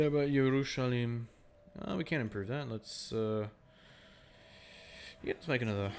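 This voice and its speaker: A man's voice: on the low side, a bit bright. A young Australian man chatting casually while streaming a strategy game, laughing often and answering his chat. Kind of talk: casual gameplay commentary with chat.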